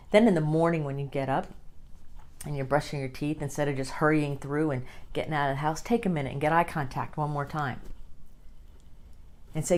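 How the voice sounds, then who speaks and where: A woman hosting an inspirational podcast, talking in a gentle, encouraging way and slowing down deliberately at times. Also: low-pitched. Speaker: podcast host.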